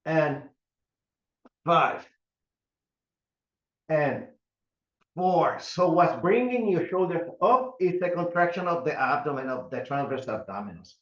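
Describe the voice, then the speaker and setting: Older male fitness instructor, slow counted cues, roomy dull recording at home. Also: a little high. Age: 70s. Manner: counting reps slowly with calm cues. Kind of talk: guided mat exercise class.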